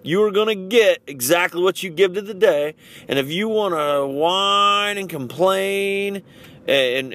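A middle-aged man hosting a podcast, giving a blunt, forceful motivational talk with swings in pitch and loudness. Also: animated, moderate pace. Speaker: podcast host.

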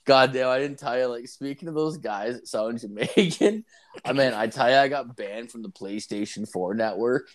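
A man's voice: medium pitch, moderate pace. A man co-hosting a podcast, talking in a crude, rambling way full of swearing and "like". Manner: profane, rambling, heavy "like" filler. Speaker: podcast co-host. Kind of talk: crude casual chat.

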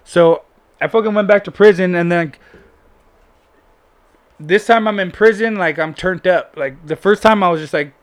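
A man's voice: high-pitched, moderate pace. A man casually telling a personal story as a guest, blunt and full of swearing and "like" fillers. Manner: candid, heavy swearing, frequent "like" fillers.

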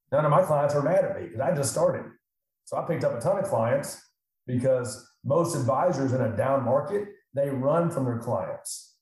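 A middle-aged man talks casually about his work as a financial advisor, animated and quick to act out what his clients say. His voice is dark and mellow. The room around him is very echoey. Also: medium pitch. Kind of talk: casual podcast talk.

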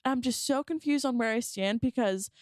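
High-voiced woman rambling in casual chat. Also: a little fast, no echo, clean studio sound. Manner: rambling, hesitant, many fillers and restarts. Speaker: podcast co-host.

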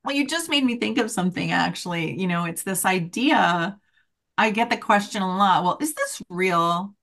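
A middle-aged woman telling lively stories in a casual interview, laughing often and acting out quotes in a higher voice. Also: moderate pace, vocal fry. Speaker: guest, shaman teacher. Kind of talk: casual conversational storytelling.

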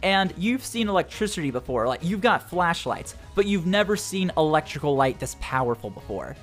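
A young man narrating as game master in a tabletop game, casual and quick to laugh. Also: fairly high pitch, soft background music. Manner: laughs often, casual and animated.

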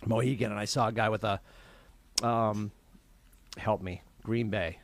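Animated man ranting about sports. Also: lowish voice, measured pace, gravelly, dry recording. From New England. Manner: animated, laughs while ranting. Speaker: podcast co-host. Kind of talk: casual sports chat.

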